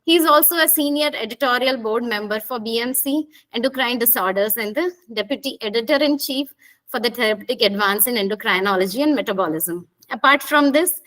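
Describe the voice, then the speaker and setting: A woman's voice: on the high side, brisk, a bit bright, poor audio. A woman hosting an online session, reading a formal introduction of a guest speaker in a polite manner. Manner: polite, formal, reads from a script. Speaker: host.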